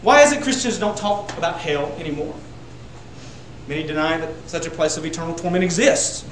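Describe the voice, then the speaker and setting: A man preaching a sermon to a congregation, building to loud emphatic peaks on repeated words. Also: fairly high pitch, a little fast, roomy sound, a little hiss or hum, poor audio. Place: church sanctuary.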